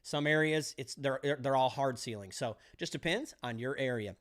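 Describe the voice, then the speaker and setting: A man coaching electricians for their exam, energetic and pep-talking, repeating key phrases. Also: mid-range voice, moderate pace. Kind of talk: motivational trade lesson.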